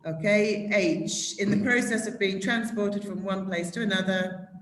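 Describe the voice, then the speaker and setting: A woman's voice: mid-range voice, steady tone, a little slow, reverberant. A woman teaching English who reads out definitions and corrects pronunciation. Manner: clear, corrective, stresses pronunciation. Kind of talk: reading out vocabulary definitions.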